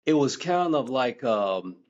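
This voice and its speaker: A man being interviewed as an author, talking in a measured, reflective way with many "you know" asides. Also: medium pitch, big pitch swings, dull audio. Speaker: guest author.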